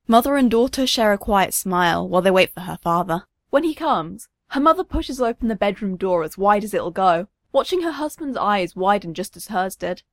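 A woman narrating a story in a gentle, expressive way. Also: mid-range voice, moderate pace, dry recording, studio quality. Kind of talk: storybook reading.

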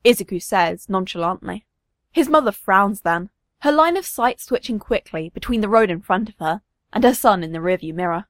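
A woman narrating a story, reading with expressive, varied intonation. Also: medium pitch, normal speed, no echo.

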